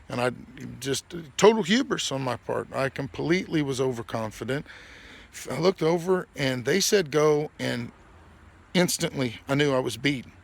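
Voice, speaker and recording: A man's voice: medium pitch, vocal fry. A man hosting his own podcast, telling a rambling, profane story and laughing through it. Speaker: podcast host. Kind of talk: casual storytelling monologue.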